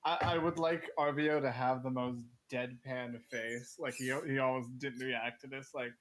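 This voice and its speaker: A man's voice: mid-range voice, fairly even intonation, normal speed, hardly any pauses, fairly bright tone. A man playing a tabletop game who describes his moves in a laid-back, amused way. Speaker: player. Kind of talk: casual tabletop play.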